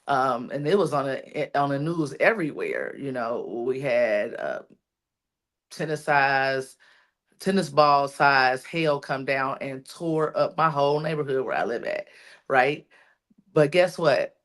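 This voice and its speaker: Woman giving a spirited personal testimony. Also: deep voice. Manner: repetitive, preacherly encouragement. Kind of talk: emotional testimony.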